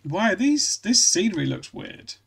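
A man with a gravelly voice, casually chatting while streaming a game and answering chat, rambling with frequent restarts. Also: high voice, big pitch swings, moderate pace, fairly bright tone. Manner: rambling, restarts often, reads chat aloud.

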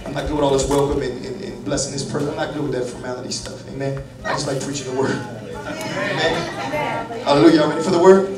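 A man preaching a live church sermon, joking with the congregation and swinging from quiet asides to shouted praise. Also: medium pitch, fairly even intonation, fast talker, distant mic. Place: large church hall with congregation. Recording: echoey hall, crowd, from off-mic. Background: congregation responding.

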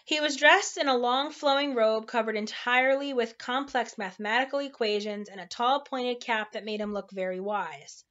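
A woman with a somewhat high voice reads a children's novel aloud at home, relaxed and unpolished, stumbling over the odd tricky word. The recording sounds dull and lo-fi. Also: moderate pace, hardly any pauses. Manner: informal, stumbles over hard words and laughs at slips. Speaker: storybook reader.

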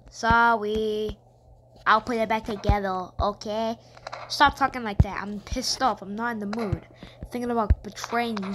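A woman giving excitable game commentary, shrieking and cursing often. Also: mid-range voice, unhurried. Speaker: gamer. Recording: noisy recording with clicks.

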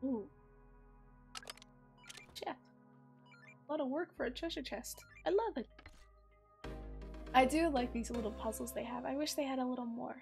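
A young woman streamer with a hoarse, sick voice, chatting casually and swearing as she plays. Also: sits high, moderate pace, long pauses, darkish tone, faint music behind. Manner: chatty, swears freely, thinks aloud. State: hoarse from sickness and morning voice. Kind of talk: casual gameplay commentary.

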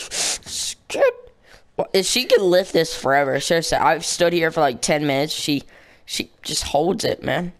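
A man's voice: on the high side, big pitch swings, normal speed, vocal fry. A young man commentating his own gameplay, rambling and jokingly insulting the characters on screen. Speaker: gaming channel host. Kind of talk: let's play commentary.

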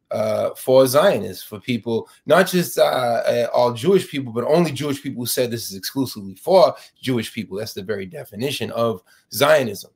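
A man with a New York accent, a fired professor being interviewed, arguing his case with many restarts and rising intensity when indignant. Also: medium pitch. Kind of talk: interview, impassioned argument.

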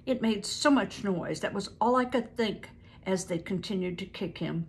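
An older woman reading a book aloud to family, pausing to explain words and stumbling over hard names. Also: mid-range voice, vocal fry, breathy edge. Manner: stops to explain words and events.

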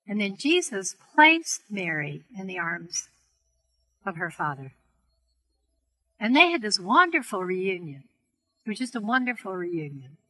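Bright, breathy woman telling a story. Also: mid-range voice, very animated, unhurried, long pauses, rough recording. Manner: gentle, earnest storytelling with soft quoted voices. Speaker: healing prayer teacher. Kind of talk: storytelling talk to a seminar audience.

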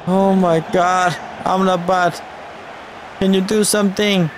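A man's voice: high-pitched, slow, vocal fry, slight background noise. A man giving live commentary over his football video game, urging the on-screen players on and talking to his viewers. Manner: addresses viewers directly. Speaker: gaming channel host.

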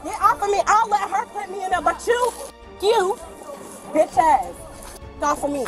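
A young woman in her late teens, shouting and swearing indignantly at police during her arrest on a street, caught on a bodycam. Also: very high-pitched, animated, moderate pace. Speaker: arrested driver. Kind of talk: heated argument with police. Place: street at a traffic stop, outdoors. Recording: bodycam audio with music and crowd noise.

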